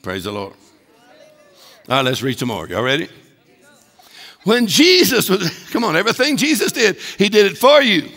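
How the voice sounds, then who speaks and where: A man preaching a sermon as a guest speaker, emphatic and building to shouted declarations. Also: high-pitched, very animated, normal speed, vocal fry, pauses often, in a large hall.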